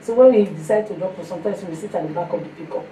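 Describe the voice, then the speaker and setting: A woman with a Nigerian accent giving a sermon mixed with her own testimony, telling stories in an animated way. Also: fairly low pitch, fast. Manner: storytelling, animated, breaks into song. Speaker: fellowship speaker. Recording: echoey room, mic heard from a distance, faint noise.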